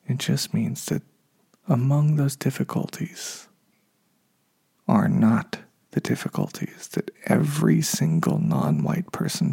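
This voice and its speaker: A man speaks alone on his podcast in a hushed, husky, deep-toned voice with a strong gravelly fry. He talks loosely and unscripted, often correcting himself along the way. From United States. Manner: unscripted, self-correcting, slightly frustrated. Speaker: podcast host. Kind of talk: solo podcast monologue.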